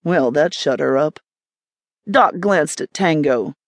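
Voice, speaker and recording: A woman narrating a romance thriller audiobook in an expressive, scripted reading. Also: deep voice, slow, dry recording, studio quality.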